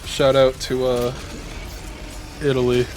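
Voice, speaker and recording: Casual commentary co-host, unhurried, jokey, profane. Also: male voice, mid-range voice, monotone, noisy background. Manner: joking, profane banter.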